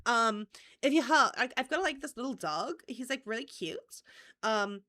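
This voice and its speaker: Casting: woman doing a ditzy gold-digger girly type, nasal from a cold, high and sing-song. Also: expressive, normal speed, sharp tone. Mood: airheaded, breezy. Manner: airheaded, lots of "like", valley-girl drawl. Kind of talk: mocking improvised character bit on a livestream.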